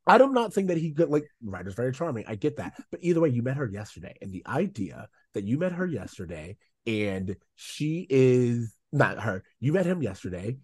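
A man's voice: medium pitch, sing-song, normal speed, few pauses, darkish tone, husky, no echo. Opinionated male podcast co-host, dry sound. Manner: opinionated, laughs easily. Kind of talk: casual chat.

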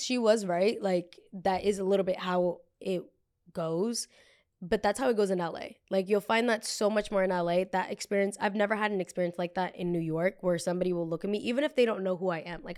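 A blunt, animated young woman from New Jersey hosting a casual storytime podcast. She swears freely and acts out what other people said. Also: mid-range voice, brisk. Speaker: podcast host.

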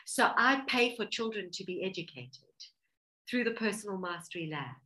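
A woman's voice: medium pitch, lively intonation, normal speed, pushed and bright, poor audio. A woman from South Africa with a South African accent, earnestly telling her life story as an interview guest. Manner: earnest, heartfelt, talks through emotion.

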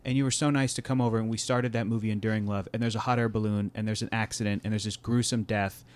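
A man's voice: on the low side, fairly even intonation, quick pace. A man in his thirties co-hosting a podcast, chatting casually and rambling with frequent laughs and fillers. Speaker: podcast co-host. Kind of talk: casual chat.

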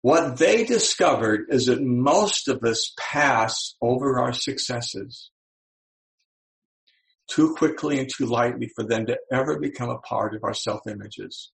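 A male motivational speaker with a gravelly, creaky voice at an ordinary pitch. He addresses his audience directly and keeps it animated. He slips into little acted-out voices to make his points. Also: unhurried, low-quality recording. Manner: animated, acts out quoted voices.

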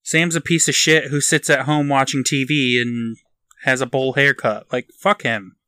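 A man's voice: medium pitch, fairly even intonation, normal speed, sharp tone, dry recording, clean studio sound. A man co-hosting a podcast, talking bluntly and swearing in casual chat. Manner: blunt and profane. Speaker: podcast co-host.

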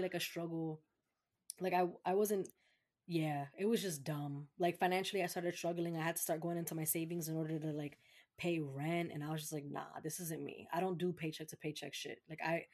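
A woman's voice: lowish voice, steady tone, brisk, darkish tone. A young woman from Massachusetts, talking candidly and with swearing in a casual podcast chat, acting out what others said. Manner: candid and profane, acts out quoted voices.

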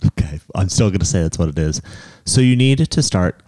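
A man on a casual podcast with a somewhat low voice, handing out absurd advice in a deadpan way. His delivery stays animated in pitch even while he keeps the joke dry. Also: fairly quick, dry recording. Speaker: podcast co-host. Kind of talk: casual chat.

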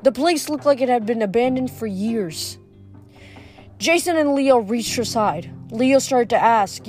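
A woman's voice: a little high, normal speed, a little mellow, soft background music. A woman reading a novel aloud, stumbling now and then over words, giving the characters' lines small changes of voice. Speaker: reader. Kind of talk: audiobook reading.

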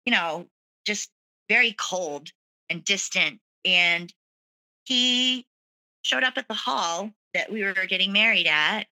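Speaking slowly in a mid-range voice that sounds pushed and bright, a woman tells her own story as a guest. She's candid and earnest, with frequent "like" and "you know" fillers, on a low-quality recording.

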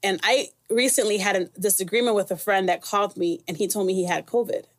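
A woman's voice: mid-range voice, fast. A woman hosting a casual interview, telling stories animatedly and laughing often. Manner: animated storyteller who acts out quoted voices, laughs often. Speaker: host.

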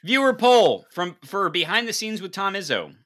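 A man co-hosting a sports podcast, reading listener questions in an animated, teasing way. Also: sits high, moderate pace. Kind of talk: casual chat.

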